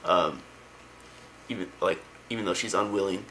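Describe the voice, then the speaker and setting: A young man talks through a story in a loose, rambling way, full of enthusiasm and slangy asides. His voice sits a bit low but comes across bright and forceful. A faint hiss of noise sits behind him. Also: normal speed, low-quality recording. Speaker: lore explainer. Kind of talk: casual spoken retelling.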